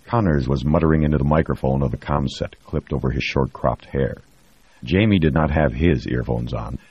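A man reading a novel aloud in a steady, measured scripted narration. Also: a bass voice, breathy edge. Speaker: audiobook narrator. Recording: dry, dull lo-fi recording.

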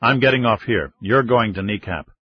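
A man's voice: fairly low pitch, moderate pace, natural voice. A man voicing a resolute middle-aged president in an audiobook, curt and commanding. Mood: firm. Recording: slightly dull lo-fi recording.

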